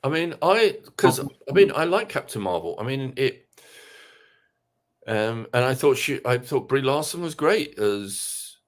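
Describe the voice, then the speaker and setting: A man co-hosting a casual podcast chat, speaking hesitantly, with many halting restarts. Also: medium pitch, big pitch swings. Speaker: podcast co-host.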